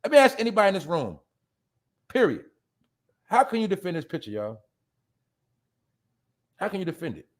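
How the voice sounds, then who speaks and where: High-voiced man ranting bluntly. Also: huge pitch swings, normal speed, pauses often. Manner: profane, blunt, addresses listeners as y'all; laughs at his own jabs. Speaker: show host. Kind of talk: ranting commentary.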